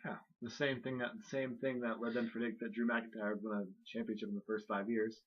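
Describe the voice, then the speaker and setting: A young man co-hosting a wrestling review show, chiming in casually with quick jokes and asides. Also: on the low side, flat delivery. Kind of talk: casual chat. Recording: dull lo-fi home recording.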